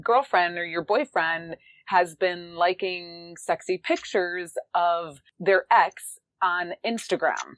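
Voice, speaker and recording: Lower-voiced woman hosting a chatty interview. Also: slow, a bit bright, no room sound. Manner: loose and rambling, full of "like" and "you know". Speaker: podcast host. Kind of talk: casual interview chat.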